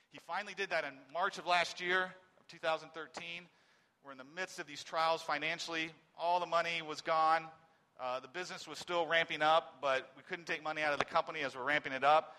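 A man in his forties giving a personal testimony. He swings between loud emphasis and very quiet, halting speech. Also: fairly high pitch, long reverb tail. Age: 40s.

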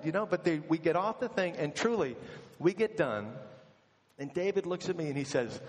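A man's voice: a little high, brisk. A man preaching a sermon, telling a personal story and acting out the people in it. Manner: storytelling, animated in quoted asides. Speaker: pastor. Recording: long reverb of a large hall.

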